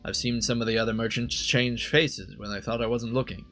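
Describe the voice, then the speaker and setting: A man's voice: mid-range voice, steady tone, brisk, pushed and bright, faint music behind. A man voicing a nervous merchant in a fantasy game, hurrying through a confiding warning.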